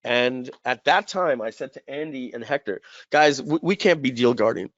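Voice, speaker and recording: Guy rambling thru a story on a webinar, lots of ums and throat clearing, dry dull audio. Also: mid-range voice, moderate pace, no echo. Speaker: webinar host.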